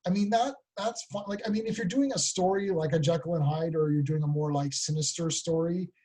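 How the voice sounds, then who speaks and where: A man co-hosting a casual comic book chat, rambling excitedly and acting out quotes. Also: a little high, brisk. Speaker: podcast co-host.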